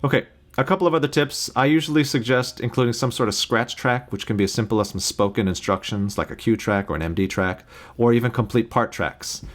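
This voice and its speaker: A man teaching how to use music recording software in a plain, practical screen-recorded tutorial, recorded on a USB interface mic. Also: medium pitch, brisk. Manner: plain, practical explaining with sung beep demos.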